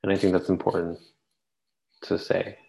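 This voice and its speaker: A man's voice: low-pitched, monotone, normal speed, vocal fry, dark tone, rough recording. A man co-hosting a faith podcast, chatting casually and rambling with frequent restarts and hesitations. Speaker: podcast co-host. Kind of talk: casual chat.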